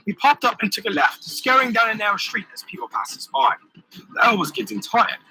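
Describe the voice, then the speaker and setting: A man's voice: high voice, sing-song, brisk, creaky, bright, forceful tone, husky, poor audio. A man narrating his own pirate adventure audiobook in the first person, telling the action vividly. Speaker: author reading his own novel.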